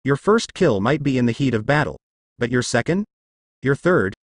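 A man voicing a cold, apathetic young male ninja who speaks calmly and flatly. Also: mid-range voice, moderate pace, no room sound, clean studio sound. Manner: flat, calm, clipped delivery.

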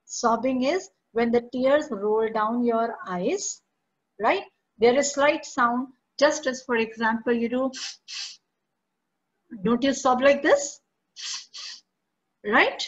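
A woman teacher with an Indian English accent goes through a story line by line for her students, slipping into Hindi to explain. Her voice sits a little high and comes through muffled, like lo-fi online class audio. She is patient and stops often to check that they follow.

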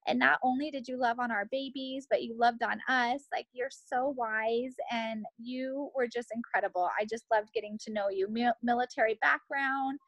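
A woman's voice: a little high, fairly even intonation, moderate pace, few pauses, fairly bright tone, no room sound, rough recording. A woman leading a team video call, gushing with effusive praise. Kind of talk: casual live video chat.

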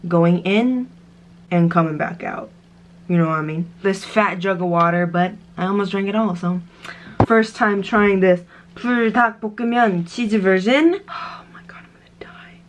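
A woman's voice: mid-range voice, normal speed, slight background noise. Young woman vlogger eating very spicy noodles. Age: young adult. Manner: swearing, gasping and laughing at spicy food. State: in pain from spice, coughing. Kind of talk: casual mukbang chat. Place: dorm room.

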